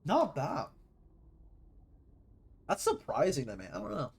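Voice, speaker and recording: A young man streams a video game, rambling and chatting casually as he plays, now and then breaking into sudden loud mimicking shouts. His voice is fairly high and husky, with wildly swooping pitch and an unhurried pace.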